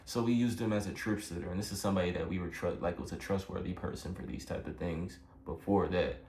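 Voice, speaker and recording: A young man tells a personal story in a casual, rambling way, earnest and emotional and packed with fillers. His voice is deep, steady, a little mellow, and fast. He's recorded in an echoey room with faint background noise.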